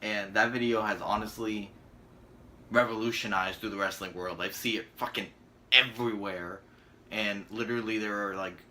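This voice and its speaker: A young man hosting his own channel reviews a wrestling show in a casual video rant that's sarcastic, rambling, and crude. His voice is on the low side, pushed and bright, with slight background noise behind it.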